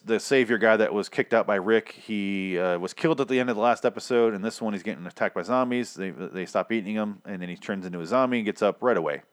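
A man's voice: on the low side, clean tone, no echo, studio quality. A man giving a casual, rambling recap of a TV episode, sarcastic and profane, often stammering as he restarts sentences. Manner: rambling and sarcastic, heavy swearing; stammers, repeating words as he restarts.

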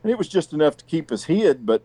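A man's voice: a little high, big pitch swings, quick pace, dark tone, dry recording. Laid-back man, swearing. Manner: rambling, profane storytelling with frequent laughs. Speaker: podcast guest. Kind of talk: casual chat.

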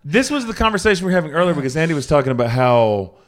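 With a fairly high, sing-song voice and a very fast delivery, a podcast host from Charlotte, North Carolina rambles through a house show. His casual talk to the small living-room audience is jokey and full of self-interruptions.

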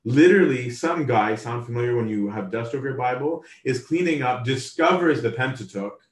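A man's voice: medium pitch, lively intonation, moderate pace. A man preaching a sermon in a casual, conversational way. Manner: casual, conversational, acts out quoted voices. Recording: roomy, from a distance.

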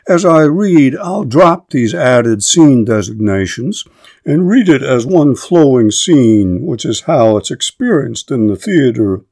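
A man explaining a play in a clear, measured way before reading it aloud. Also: mid-range voice, a little mellow, no echo. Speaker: literature lecturer.

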